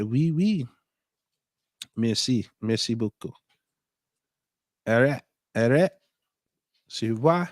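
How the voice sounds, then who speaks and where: A man hosting a casual live stream who reads viewer comments aloud and jokes in loose, profane banter. His voice sits at an ordinary middle pitch. The sound is close and dry, with no room around it. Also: dry recording. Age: adult father. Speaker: podcast host.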